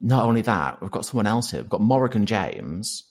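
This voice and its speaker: A man narrating as game master of a tabletop role-playing podcast, playful and animated. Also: on the low side, a little fast, vocal fry.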